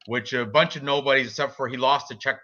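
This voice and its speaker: A man with a bright, forceful voice, rambling through fight picks in casual podcast chat and correcting himself as he goes. His voice comes through a slightly dull, lo-fi recording. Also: medium pitch, steady tone, fast talker. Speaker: co-host giving fight picks.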